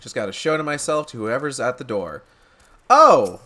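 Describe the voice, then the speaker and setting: A man's voice: medium pitch, animated, fast, a bit bright. A man streaming a game, chatting casually, joking and swearing as he plays. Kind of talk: casual gameplay commentary.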